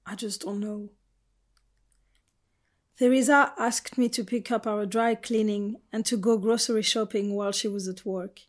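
Woman, audiobook narrator, first-person, measured and intimate. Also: a little high, steady tone.

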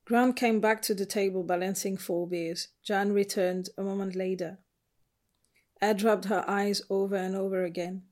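A woman narrates a novel in the first person, keeping her reading even and understated. Her voice sits at a middle pitch. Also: normal speed. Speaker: audiobook narrator.

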